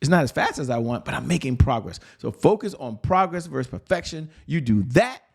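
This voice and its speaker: A man's voice: a little high, expressive, fairly quick, creaky. Upbeat man giving a sales pep talk. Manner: upbeat, repeats slogans, asks rhetorical questions. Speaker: podcast host and sales coach. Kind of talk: motivational business talk.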